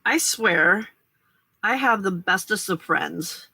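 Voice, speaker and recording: A woman's voice: medium pitch, lively intonation, slow pace, gravelly, sharp tone, slight background noise. An older woman hosting a casual late-night crafting livestream, chatting to viewers and getting emotional over their kindness. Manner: chatty, emotional, reacting to chat. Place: small home craft room.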